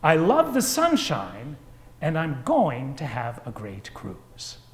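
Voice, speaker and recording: A woman's voice: sits low, wildly swooping pitch, slow pace, slight background noise, heavily acted. A man doing a gushing lady cruise passenger. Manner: gushing, sing-song diary reading. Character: gushing female cruise passenger writing her diary.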